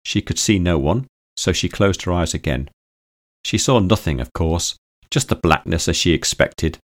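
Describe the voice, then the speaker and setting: A male audiobook narrator with a deep, low voice, reading in a steady and even way. The recording is close and dry, with no room sound. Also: normal speed, dry recording. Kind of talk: audiobook storytelling.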